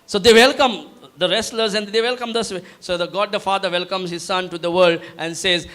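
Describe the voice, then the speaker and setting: A man with an Indian English accent, preaching a live sermon, halting and searching for words, booming out whenever he quotes the voice from heaven. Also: fairly even intonation, fairly bright tone. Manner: booming when quoting the voice from heaven. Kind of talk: live sermon with Bible teaching.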